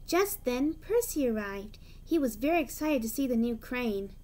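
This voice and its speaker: A woman's voice: fairly high pitch, expressive, moderate pace, warm tone. A woman reading a children's train storybook aloud, adding chatty asides of her own between the narration.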